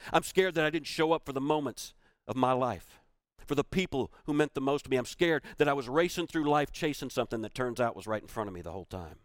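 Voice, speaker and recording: A man voicing his aging mentor in his sixties, who speaks quietly, tenderly and plainly. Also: medium pitch, expressive, fast talker, no room sound, clean studio sound, voice pushed up, lightly acted. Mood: frightened. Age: 60s. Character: aging male mentor, dying, gentle and fatherly.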